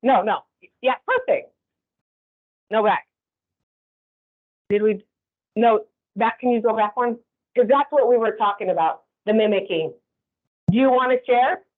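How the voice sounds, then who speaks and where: High-voiced woman teaching a class. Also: measured pace, pauses often. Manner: conversational, checks in with "right?" often. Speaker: instructor. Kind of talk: classroom training lecture. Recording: tinny phone-like sound.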